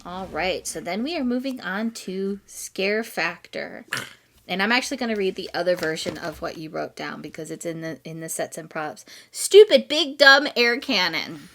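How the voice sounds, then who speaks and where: A woman's voice: fairly low pitch, normal speed, vocal fry, slight background noise. Giggly woman co-hosting a podcast. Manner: giggly, hesitant, lots of ums. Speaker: podcast co-host reviewing haunted attractions. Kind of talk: casual chat.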